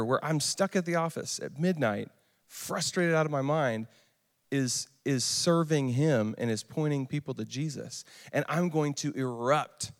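A young man sharing a personal testimony with a group, speaking candidly with frequent fillers and restarts. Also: on the high side. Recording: long hall reverb.

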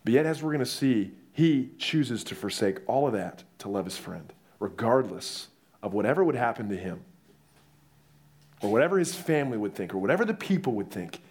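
A young man preaching a sermon, telling the story in a lively way and acting out the voices. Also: lowish voice, normal speed, husky.

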